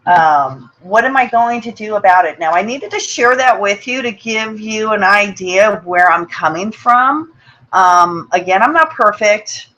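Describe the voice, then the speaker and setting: A woman's voice: medium pitch, lively intonation, measured pace, sharp tone, poor audio. A woman hosting a motivational webinar, talking in an earnest, personal way, often repeating words and checking in with "okay?". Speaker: webinar host.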